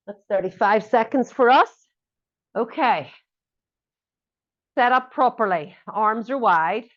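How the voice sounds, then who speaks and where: A woman's voice: on the high side, animated, slow. Chatty woman fitness instructor, lo-fi audio. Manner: chatty, encouraging cues with joking asides. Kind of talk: coaching a live workout class. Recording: dull lo-fi audio.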